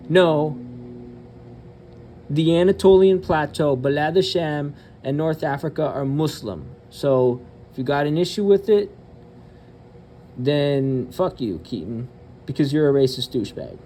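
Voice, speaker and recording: A fairly high-pitched, mellow male voice with lively intonation and a measured pace belongs to a channel host ranting bluntly, cursing often, and hesitating with fillers between remarks. Slight background noise is present.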